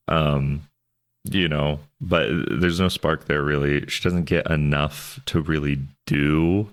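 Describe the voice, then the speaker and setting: This male co-host has a bass voice with a fairly bright tone and speaks a little slowly. He chats loosely about a movie on a podcast, joking around, wandering off topic and cutting himself off with frequent restarts.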